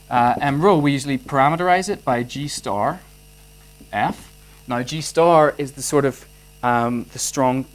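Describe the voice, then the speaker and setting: A man with a Northern Irish accent giving a physics lecture and answering student questions, animated, restarting his sentences often with many fillers. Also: medium pitch, low-quality recording. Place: lecture hall.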